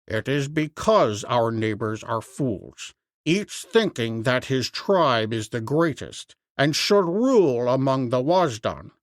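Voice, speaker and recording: A male audiobook narrator voicing a boastful, touchy tribal warrior man in a lively way. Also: medium pitch, takes it slowly, no room sound, clean studio sound, pitched below the performer's own voice. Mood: grudging.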